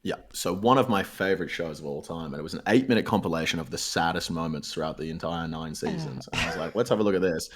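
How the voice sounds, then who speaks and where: A man's voice: low-pitched, fast, hardly any pauses, a bit bright. A man who is a podcast guest, chatting casually, rambling through stories and swearing offhandedly. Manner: laid-back, swears casually, rambling storytelling.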